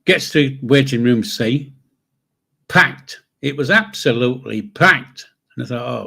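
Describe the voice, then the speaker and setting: Sixties bloke, host telling rambling tales with a laugh, mid-range pitch. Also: male voice, lively intonation, a little slow, vocal fry, a bit bright. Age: 60s. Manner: chatty, swears freely, chuckles through his stories. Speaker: host of a live stream. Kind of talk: rambling anecdote storytelling.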